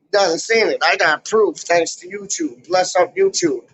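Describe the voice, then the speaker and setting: High-pitched man ranting with slang. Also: huge pitch swings, moderate pace, fairly bright tone, low-quality recording. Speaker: YouTuber. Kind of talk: casual ranting vlog. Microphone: camera mic.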